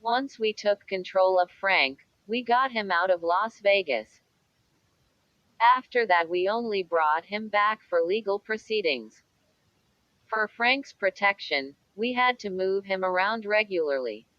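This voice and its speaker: Female audiobook narrator, measured true-crime read, dry booth sound, a bit muffled. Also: mid-range voice, animated, no room sound.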